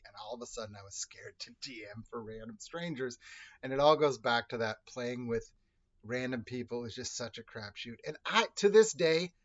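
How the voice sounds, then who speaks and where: A man's voice: mid-range voice, a bit bright, muffled recording. Man rambling through a casual story. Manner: rambling, self-correcting, conversational. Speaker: video host telling personal stories.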